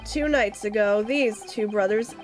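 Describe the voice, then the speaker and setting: A woman's voice: medium pitch, unhurried, pitched below the performer's own voice, natural voice. A woman voicing a brusque, middle-aged male police inspector, reading game dialogue over faint music.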